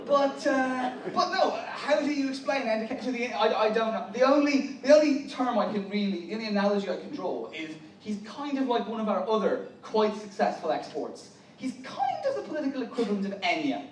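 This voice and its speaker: A man's voice: sits high, big pitch swings, a little fast, few pauses. An Irish man doing a stand-up comedy set at a conference, making wry asides and interrupting himself mid-sentence. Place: conference hall with a live audience. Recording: echoey hall, mic at a distance.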